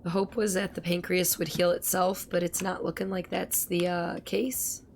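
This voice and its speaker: A woman's voice: fairly low pitch, flat delivery, normal speed, slight background noise. A woman streaming a game, chatting and rambling to her viewers while recovering from a cold. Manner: chatty, rambling, talks to chat. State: recovering from a cold, voice not at full strength. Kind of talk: casual gameplay commentary.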